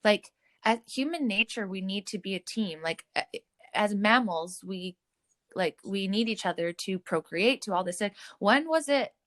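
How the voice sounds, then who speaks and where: A woman's voice: mid-range voice, animated, normal speed, fairly bright tone. Candid, laughing woman podcast host. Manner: candid and swears freely, laughs often. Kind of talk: casual podcast chat.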